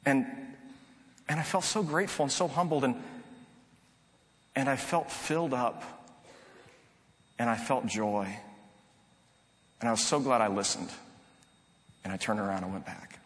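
A middle-aged male pastor tells a story from the pulpit in an earnest, conversational way, often restarting his phrases. His voice sits at an ordinary middle pitch. The sound carries the long reverb of a large church hall. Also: measured pace, long pauses. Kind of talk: sermon storytelling.

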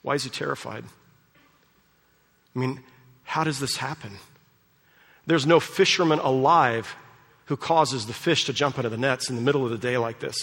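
A man's voice: mid-range voice, steady tone, normal speed, pauses often, fairly bright tone, in a large hall. A man preaching a sermon, telling a story with animation and acting out the voices of its people. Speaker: pastor.

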